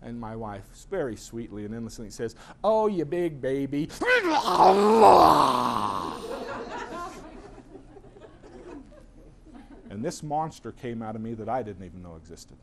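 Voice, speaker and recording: A man's voice: medium pitch, a little fast, a little hiss or hum. A middle-aged man giving a personal-growth lecture to an audience, telling stories animatedly and acting out other people's voices. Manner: animated storyteller who acts out voices. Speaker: seminar speaker.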